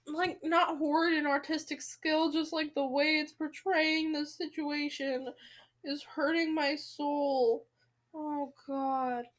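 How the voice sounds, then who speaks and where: A woman's voice: sits high, flat delivery, slow pace. A woman reading a novel aloud, breaking off for dramatic, emotional exclamations. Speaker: book reader.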